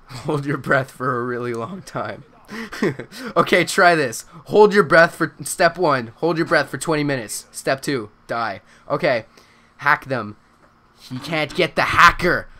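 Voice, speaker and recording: A young man commentating his own game live while streaming, swearing often and panicking out loud. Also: a little high, unhurried. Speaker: gaming streamer.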